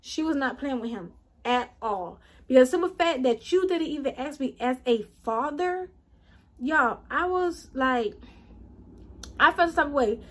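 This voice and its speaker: Young woman, high voice, storytime vlog, animated. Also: unhurried. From Atlanta, USA. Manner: animated, talks straight to viewers, acts out quotes. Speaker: vlogger.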